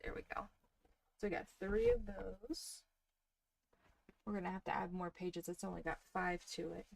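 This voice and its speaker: A woman in her thirties hosting a crafting livestream, chatting softly and casually with her viewers while she works. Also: lowish voice, big pitch swings, moderate pace, creaky. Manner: soft-spoken, chatty, talks to viewers in the chat.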